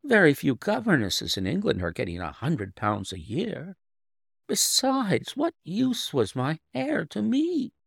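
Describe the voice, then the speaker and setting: A man reading an audiobook, voicing a young governess who tells her story in a proud, firm, measured way. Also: a little high, huge pitch swings, creaky, fairly bright tone, breathy edge, dry recording, studio quality, voice pushed up, full character voice. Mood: earnest.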